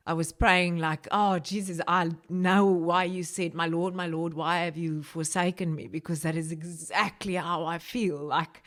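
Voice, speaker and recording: Woman guest from South Africa, low voice, conversational testimony, emotional. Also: fairly even intonation, measured pace. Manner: emotional, rising pitch when recounting prayer. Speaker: podcast guest.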